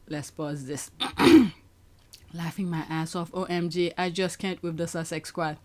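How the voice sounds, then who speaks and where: A woman's voice: fairly low pitch, measured pace, a little mellow. A woman hosting her own channel, chatting casually about social media posts and laughing often as she talks to viewers. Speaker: channel host.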